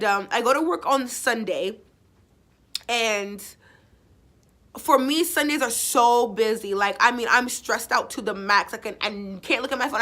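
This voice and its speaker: A woman vlogger telling a story in a loose, rambling way, full of fillers and blunt asides with the odd swear word. Her voice is bright and forward and sits a little high. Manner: chatty and digressive, with frequent fillers; blunt and expressive, with casual swearing. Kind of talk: casual storytime vlog.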